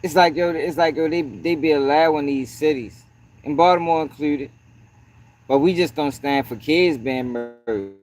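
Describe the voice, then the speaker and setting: A man's voice: a little high, normal speed, a little mellow, soft background music. A man hosting a livestream, talking casually and profanely, dropping "yo" constantly and breaking off to greet people in the chat. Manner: profane, peppers talk with "yo"; greets chat between points. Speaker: livestream host.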